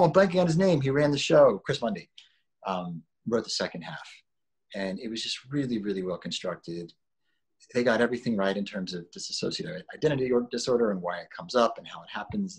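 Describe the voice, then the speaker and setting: Husky low-voiced man chatting. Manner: relaxed, rambling with restarts and laughs. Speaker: actor guest. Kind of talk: casual interview chat.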